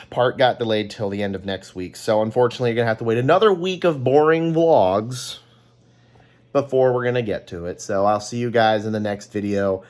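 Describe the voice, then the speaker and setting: A man's voice: lowish voice, fairly quick, darkish tone. A man with a Californian American accent in casual vlog chat. He rambles and chats, with frequent ums and corrections of himself. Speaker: vlogger.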